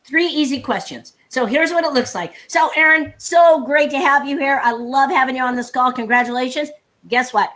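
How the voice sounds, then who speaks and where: A woman sales coach speaking live over a video call, brisk and emphatic, with frequent laughter and humor. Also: high-pitched, a bit bright. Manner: brisk, emphatic, laughs often, acts out dialogue. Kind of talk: energetic live talk with humor.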